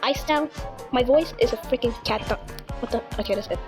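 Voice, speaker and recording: A woman's voice: on the high side, fast, music in the background, poor audio. A woman playing a game and chatting to herself, jumpy and squealing when scared. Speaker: gamer playing a horror game. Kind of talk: casual gameplay commentary.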